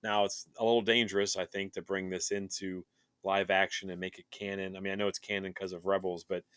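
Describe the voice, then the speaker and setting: A man co-hosting a show, chatting in an excited, rambling way with plenty of fillers. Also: low-pitched, fairly quick, smooth, no echo, studio quality. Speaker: podcast co-host. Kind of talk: casual chat.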